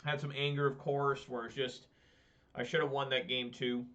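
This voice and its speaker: A man's voice: medium pitch, level tone, moderate pace, a bit bright. A man streaming a card game, chatting casually in a frank, rambling way with lots of fillers and some grumbling. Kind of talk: casual outro chat while gaming. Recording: slightly dull lo-fi stream audio.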